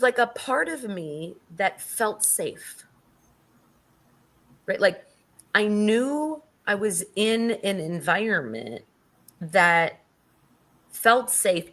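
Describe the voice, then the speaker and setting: A woman's voice: mid-range voice, a bit bright. A middle-aged woman speaking as an interview guest, telling a personal story with casual swearing and acted-out quotes.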